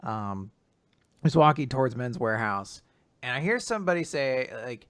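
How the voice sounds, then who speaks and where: A man's voice: medium pitch, expressive, normal speed, a bit bright, smooth, dry recording. A man co-hosting a casual manga podcast, telling stories with wry, self-deprecating humor through his grief. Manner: grieving but joking, self-deprecating storytelling. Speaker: podcast co-host.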